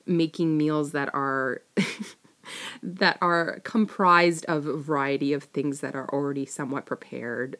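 A young woman chatting casually to camera, rambling and giggling as she answers tag questions. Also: sits low. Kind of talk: casual chat.

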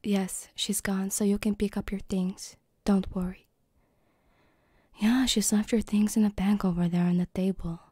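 A woman voicing a kind middle-aged mother of the listener's ex in a whispered role-play, gentle and hesitant. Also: medium pitch, flat delivery, normal speed, husky, no room sound, clean studio sound, lightly acted.

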